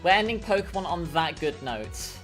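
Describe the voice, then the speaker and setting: A woman's voice: fairly low pitch, very animated, moderate pace, soft background music. A woman streaming a game, chatting casually and thinking aloud as she plays.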